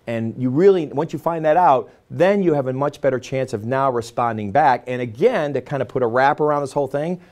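An American man giving a sales training talk to camera, energetic and conversational, acting out customer exchanges as he teaches. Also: mid-range voice.

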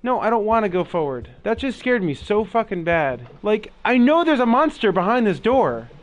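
A young gaming host speaks at normal speed in a high, sing-song voice, giving scared, profane commentary on a horror game. He jumps at frights and talks to his viewers throughout.

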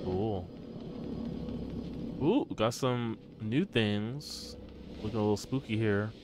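A man's voice: fairly low pitch, slow pace, noisy background. A man streaming a video game live, reacting and joking as he plays. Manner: reactive, jokey, exclaiming. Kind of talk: live gameplay commentary. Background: game music.

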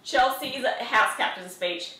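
A woman's voice: on the high side, takes it slowly, bright, forceful tone. Aussie fitness lady counting reps, cheery and encouraging, bouncing off a roomy studio. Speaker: fitness instructor. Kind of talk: live workout coaching. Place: home studio. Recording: echoey room, mic at a distance.

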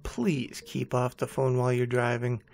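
A man hosting and narrating a horror story in a measured, scripted second-person voice. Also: mid-range voice, level tone, vocal fry, a little mellow. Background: faint background music.

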